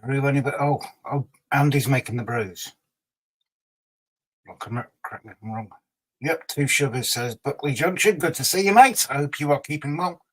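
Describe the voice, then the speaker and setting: A man's voice: mid-range voice, normal speed, fairly bright tone, low-quality recording. Chatty man hosting a livestream. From Scotland. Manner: chatty and teasing, banters with viewers. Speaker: livestream host. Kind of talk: casual livestream chat reading out viewer comments.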